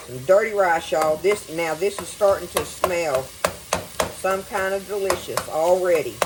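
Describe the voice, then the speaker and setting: A woman's voice: medium pitch, noisy background. Folksy Southern woman cooking at home. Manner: folksy, chatty, addresses viewers as y'all. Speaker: cooking show host. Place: home kitchen with food sizzling.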